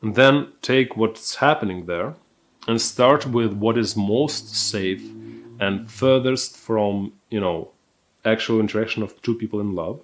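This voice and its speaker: Low-voiced man giving calm coaching. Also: a little slow. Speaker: dating coach. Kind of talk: recorded course lesson.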